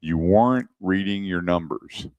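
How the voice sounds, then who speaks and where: A man's voice: low-pitched, unhurried, darkish tone, dry recording, poor audio. Man telling car-deal stories on the radio. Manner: tells customer stories and acts out both sides. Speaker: radio show host and car advisor. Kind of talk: casual radio talk. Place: radio studio.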